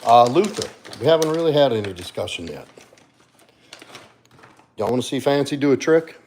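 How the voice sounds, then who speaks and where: A medium-pitched, animated man speaks at normal speed with a slightly mellow voice, and a little hiss or hum is audible. He's a fitness coach casually hosting a livestream, relaxed as he answers chat and talks to his dog.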